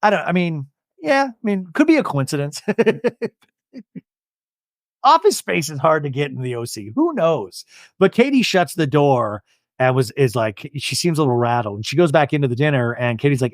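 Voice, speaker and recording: Young adult man, podcast host, jokey TV recap, fairly high voice, very lively pitch, dry close sound. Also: normal speed, dry recording. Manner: animated, jokey, acts out quotes. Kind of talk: casual TV recap commentary.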